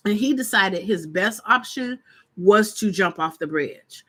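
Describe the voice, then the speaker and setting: A woman's voice: mid-range voice, unhurried, husky. A woman hosting a live stream in casual chat, talking straight to her viewers and acting out her own reactions. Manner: chatty, animated, acts out her reactions; informal, talks straight to viewers.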